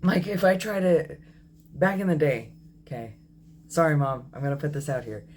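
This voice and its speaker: A man in his thirties talking candidly in a personal video diary, reflective and apologetic, often pausing with ums and correcting himself. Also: fairly high pitch, a little mellow, a little hiss or hum. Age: 30s. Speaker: vlogger.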